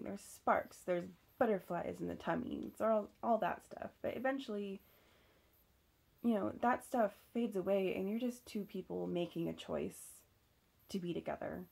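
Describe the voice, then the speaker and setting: A woman's voice: mid-range voice, normal speed, gravelly, darkish tone, breathy edge. A young woman candidly telling a personal story, swearing freely and using lots of fillers. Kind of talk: casual storytelling.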